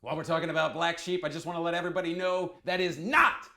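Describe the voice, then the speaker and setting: A man narrating a video essay in an energetic, emphatic way with quick asides. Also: fairly high pitch, gravelly, a little hiss or hum. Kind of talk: scripted narration.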